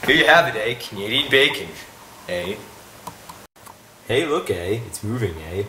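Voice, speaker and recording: A man's voice: medium pitch, animated, measured pace, sharp tone. A man playing a goofy co-host of a spoof cooking show, ending nearly every line with a tag word. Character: goofy male Canadian TV chef. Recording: echoey room, faint noise.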